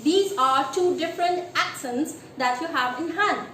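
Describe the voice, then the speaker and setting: A woman teaching English pronunciation in a deliberate, emphatic way, checking in with her listeners with a rhetorical "yes?". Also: high-pitched, a bit bright. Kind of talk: instructional lesson. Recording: echoey room with faint ambient noise.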